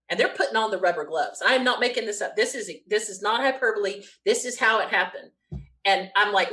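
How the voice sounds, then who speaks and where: An animated woman, spinning a lively anecdote as an interview guest. She talks at a mid-range pitch, rushes through the exciting parts and laughs often. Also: low-quality recording. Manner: lively, quick storyteller who laughs often.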